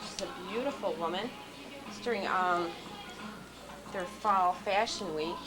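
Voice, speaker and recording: A woman's voice: fairly low pitch, measured pace, rough recording. A woman hairstylist telling chatty stories about her clients. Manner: chatty storyteller. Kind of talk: casual anecdotes to camera. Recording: loud music behind.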